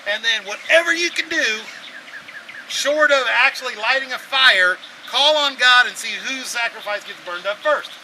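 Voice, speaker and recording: A man preaching an outdoor sermon, telling the story in an animated, sarcastic way and acting out voices. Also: very high voice, moderate pace, low-quality recording. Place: outdoors at a campsite. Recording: windy outdoor noise.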